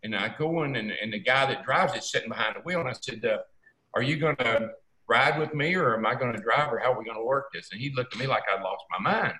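A man's voice: medium pitch, quick pace, roomy sound, rough recording. Folksy older man telling a story. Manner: folksy, animated, acts out quotes. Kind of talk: casual storytelling.

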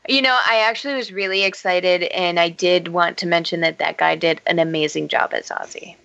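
A woman with a lowish, gravelly voice and a bright, sharp edge talks bluntly, swearing and laughing through her words. The audio is a little dull and lo-fi. She speaks in a casual podcast chat. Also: brisk.

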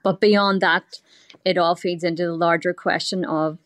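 A woman's voice: fairly low pitch, fairly even intonation, normal speed, dry recording. A woman in her forties with an Irish accent, calling in with a money question, hesitant and good-humored. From Ireland. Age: 40s. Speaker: caller. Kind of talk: call-in conversation.

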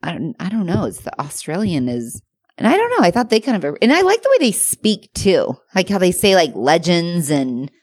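A woman co-hosting a casual chat show, animated and exclamatory, swearing freely. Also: on the low side, moderate pace, slightly rough, no echo, studio quality. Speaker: podcast co-host.

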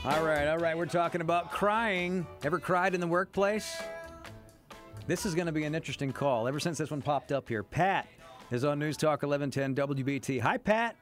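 A man hosts morning talk radio, brisk and joking as he brings on callers. His voice sits a little high for a man. Faint music plays underneath.

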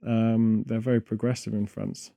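A man's voice: on the low side, little pitch movement, normal speed, vocal fry, dark tone, dry recording. A British man hosting a podcast, rambling through casual chat full of wry, absurd jokes. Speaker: podcast host.

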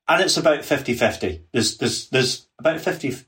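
A man's voice: medium pitch, animated, moderate pace, a bit bright. A man speaking as a podcast guest in casual conversation, earnest and repeating words as he thinks.

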